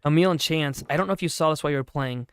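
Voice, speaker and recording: Excitable male livestream host. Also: a little high, smooth, no echo, clean studio sound. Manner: excitable, reads chat aloud, quick asides. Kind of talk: live-stream commentary and chat reading.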